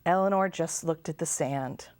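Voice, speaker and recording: A woman's voice: low-pitched, normal speed, no echo, studio quality. A woman, a children's librarian, reading a picture book aloud at storytime. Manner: expressive, sing-song.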